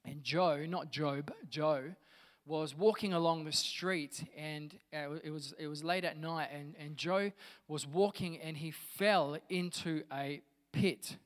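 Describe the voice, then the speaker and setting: A man's voice: a little high, steady tone, slow, long reverb tail. A man pastor giving a conversational, enthusiastic sermon to his church.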